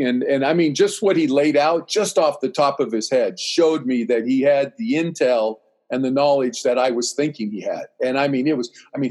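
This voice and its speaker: An older man telling a long story in casual chat, acting out what others said, with many restarts. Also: a little high. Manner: animated, acts out dialogue, rambling restarts.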